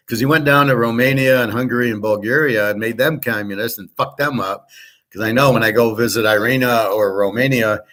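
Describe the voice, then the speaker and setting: A man's voice: on the low side, fairly bright tone. A man hosting a show in a casual, rambling monologue, blunt and profane, often restarting his sentences. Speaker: show host.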